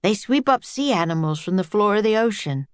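A woman's voice: mid-range voice, animated, a little fast, clean tone, dry recording, pitched above the performer's own voice, natural voice. A woman reading aloud, voicing a friendly, polite young male scientist aboard a ship.

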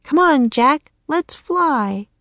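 A woman's voice: high-pitched, lively intonation, very slow, fairly bright tone, dry recording, pitched above the performer's own voice, exaggerated voice. Woman doing a bubbly girl raven. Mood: eager. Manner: cheerful, coaxing. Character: eager young girl turned raven, playful.

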